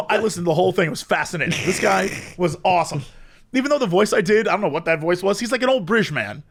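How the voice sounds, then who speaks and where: This is a young man with a fairly high voice that swoops all over the place as he chats on a podcast. He tells animated stories and mimics the people in them with little put-on voices. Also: brisk. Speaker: podcast co-host. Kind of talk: casual chat.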